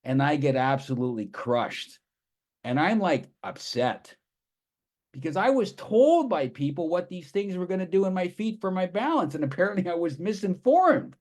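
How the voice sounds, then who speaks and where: A man talks to an audience in an enthusiastic, storytelling way. His voice sits a little higher than most men's. He runs through his points with eager energy. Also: big pitch swings, moderate pace, darkish tone. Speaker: presenter. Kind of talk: live presentation to an audience.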